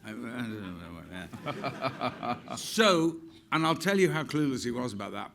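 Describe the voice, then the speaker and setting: A man's voice: mid-range voice, lively intonation, measured pace, fairly bright tone. An older man, an actor, telling chatty anecdotes on stage with frequent laughs. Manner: chatty, laughs often, acts out quotes.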